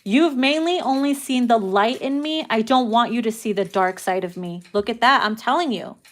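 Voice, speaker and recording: A woman's voice: fairly high pitch, normal speed. A woman doing a casual tarot reading, brash and profane, laughing often as she talks. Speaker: tarot reader.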